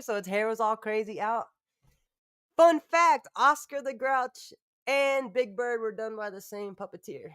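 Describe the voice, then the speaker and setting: A woman's voice: a little high, a little slow, fairly bright tone, clear, resonant tone, no room sound, clean studio sound. A woman hosting a live stream in loose, rambling chat, swearing freely and laughing often.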